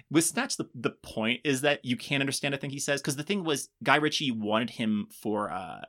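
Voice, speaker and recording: A man co-hosting a casual movie discussion, chatty and relaxed, trading quick asides and laughs. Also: medium pitch. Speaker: podcast co-host.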